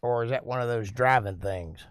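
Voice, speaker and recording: A laid-back man reads viewer comments aloud on a live stream and answers each one in a folksy, easygoing manner. His mid-pitched voice is close and dry, with no echo or room sound, and he talks at a normal speed.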